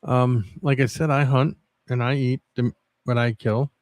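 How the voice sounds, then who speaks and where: A man livestreaming, chatting casually with viewers in a rambling, halting way with many restarts. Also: medium pitch, fairly even intonation, no room sound, clean studio sound.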